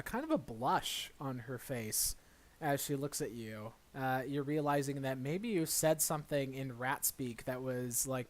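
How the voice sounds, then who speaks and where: A man narrating a tabletop role-playing game as dungeon master, relaxed and halting, with fillers and restarts. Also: mid-range voice.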